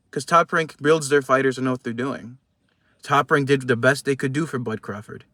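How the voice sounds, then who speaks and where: A man's voice: mid-range voice, fairly even intonation, normal speed, fairly bright tone, no room sound, studio quality. A young man giving heated, profane post-fight boxing commentary in a casual vlog. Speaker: boxing vlogger.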